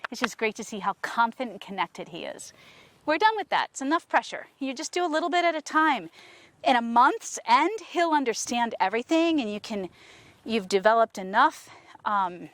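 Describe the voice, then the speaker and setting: A woman horse trainer talking casually to viewers while working a horse, coaxing it with soft praise and explaining with enthusiasm. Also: a little high, animated, moderate pace, dry recording. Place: outdoors with a horse.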